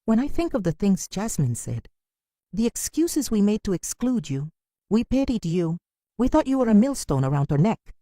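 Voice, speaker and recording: A woman's voice: medium pitch, sing-song, normal speed, mellow, no echo, studio quality, voice pushed up, lightly acted. A woman voicing an earnest, humbled young husband who speaks with new respect.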